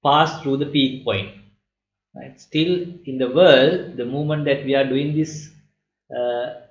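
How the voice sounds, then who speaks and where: A man teaching math in a recorded lecture, explaining slowly and checking in with "right?" again and again. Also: medium pitch, steady tone. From Sri Lanka. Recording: lo-fi echoey room.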